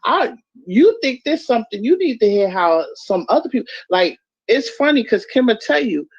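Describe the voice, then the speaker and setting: A woman with a New York accent who laughs easily and keeps insisting on her point. Her pitch swings widely as she talks. Her voice comes through dull and muffled, like call audio. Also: big pitch swings, moderate pace, breathy edge. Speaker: guest co-host. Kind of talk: casual chat.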